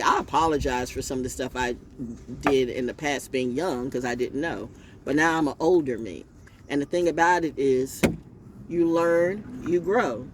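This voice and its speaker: Animated man ranting outdoors. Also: on the high side, a little hiss or hum. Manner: animated, confrontational, laughing asides. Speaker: spiritual vlogger and storyteller. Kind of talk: rambling casual monologue.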